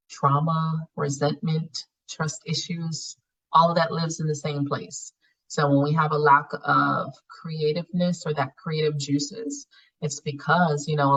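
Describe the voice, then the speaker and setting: A woman facilitating a spiritual healing class, coaching her students in a blunt, profane, animated way and laughing often. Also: low-pitched, distant mic, rough recording. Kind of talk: live online class teaching.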